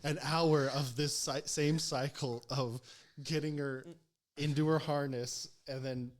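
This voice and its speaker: A man's voice: mid-range voice, slow. A young adult man telling a work story in a casual podcast chat, laughing often and acting out the people he quotes. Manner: animated storyteller who acts out quoted voices, laughing often. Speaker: podcast co-host.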